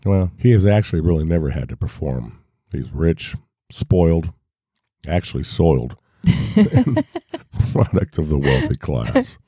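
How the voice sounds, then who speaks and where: A man's voice: extremely low pitch, moderate pace, mellow, slightly rough, no echo, studio quality. A man co-hosting a podcast, talking in a critical, wry way. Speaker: podcast co-host. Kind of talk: opinionated podcast chat.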